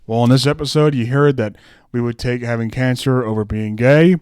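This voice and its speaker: A young man with a mid-pitched, smooth voice, heard close and dry on a podcast mic. He sounds easygoing in casual comedic chat, playing along and tossing in questions. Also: normal speed, a little mellow, no room sound. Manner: easygoing, plays along with bits and asks follow-up questions. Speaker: podcast co-host.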